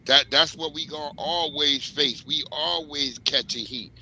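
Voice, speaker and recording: Heated guy on a panel, super bright sharp tone, cusses a lot. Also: a little high, measured pace, a little hiss or hum, rough recording. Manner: blunt, heated, swears. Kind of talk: casual panel discussion.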